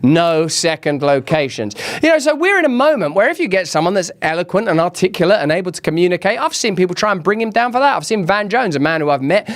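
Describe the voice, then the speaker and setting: An English man hosting a show, giving animated, mocking political commentary. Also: sits high. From England. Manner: animated, mocking, does quick voices of others. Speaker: host.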